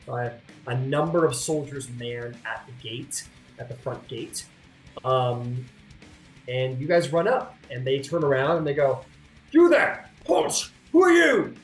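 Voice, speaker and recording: A man's voice: medium pitch, measured pace. A man narrating a tabletop game as game master, in a loose, rambling way with lots of fillers. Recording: roomy sound with faint music.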